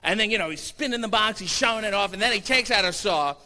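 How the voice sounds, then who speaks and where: A man's voice: high-pitched, fast, bright, forceful tone. A man performing a stand-up comedy set on a convention stage, sardonic and self-mocking. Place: convention stage before a live audience. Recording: reverberant stage hall.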